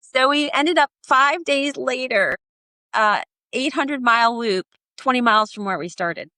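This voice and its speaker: A middle-aged woman, a podcast guest, telling her story in a lively way and acting out the voices of the people in it. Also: high-pitched, unhurried, no echo. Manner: animated, acts out quoted voices. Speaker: podcast guest, sailor and author. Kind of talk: storytelling in an interview.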